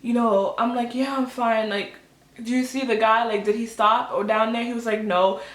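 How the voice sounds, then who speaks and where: A woman's voice: fairly high pitch, moderate pace. Chatty young woman retelling a story, echoey room. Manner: animated, acts out quotes, many fillers. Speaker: vlogger. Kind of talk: storytime vlog.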